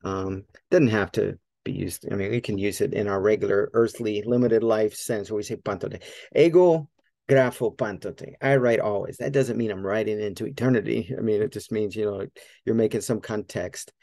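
A man giving a casual spoken Greek lesson, thinking aloud with many fillers and repeating Greek words slowly as he models them. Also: lowish voice, steady tone, vocal fry, mellow, no room sound. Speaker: Greek teacher.

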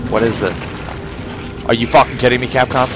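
A man's voice: mid-range voice, fairly even intonation, a little fast. A man commentating his own gameplay, swearing and sarcastic, muttering to himself through puzzles. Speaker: gamer. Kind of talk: profane let's play commentary. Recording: game music behind. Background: game music.

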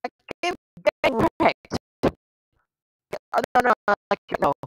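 A woman giving casual gameplay commentary, excitable, yelping and exclaiming at the game with lots of slang. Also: on the high side, brisk, noisy background. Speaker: gameplay streamer.

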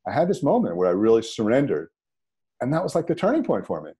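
A man, a podcast guest telling a personal story in a conversational, animated way. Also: fairly low pitch, fast talker, husky. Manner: animated, rises sharply when emphatic.

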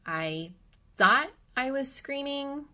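A middle-aged woman from the US Midwest, a podcast guest, telling a personal story in an animated, vivid way and sometimes dropping to a hushed whisper. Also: sits high, slow pace.

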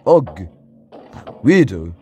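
A man's voice: sits low, very animated, drawn-out words, over music. Jumpy man playing a horror game. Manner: jumpy, shrieks at scares, taunts the enemies. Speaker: gaming YouTuber. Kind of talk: let's play commentary.

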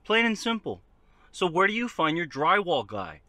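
A male comedian telling a story straight to the viewer in an animated, conversational comedy monologue. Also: high voice, normal speed, no echo.

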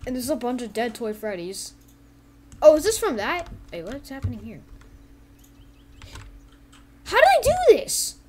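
Brief: high, bouncy female gameplay narrator, giggly, full of silly voices. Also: sing-song, unhurried, pauses often, a little hiss or hum. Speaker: gameplay video host. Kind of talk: excited gameplay commentary.

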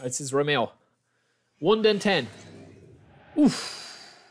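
The Irish game streamer has a little high voice with lively intonation and an unhurried pace. As he opens player packs live, he repeats his exclamations and calls his viewers lads.

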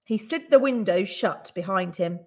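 A woman teacher reading a children's story aloud with expressive, animated storytelling. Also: medium pitch, normal speed.

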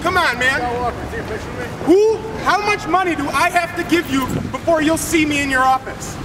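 A man's voice: very high-pitched, normal speed, noisy background. A worked-up man confronting someone in a building hallway, firing off demanding, repetitive rhetorical questions into a handheld camera. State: agitated, worked up. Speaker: citizen confronting a legislator. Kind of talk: loud confrontational ambush. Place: indoor government building hallway.

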